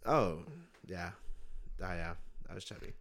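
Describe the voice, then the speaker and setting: A man's voice: low-pitched, a little slow, a bit bright. A young man, podcast host, telling a long rambling story in casual chat, laid back and swearing.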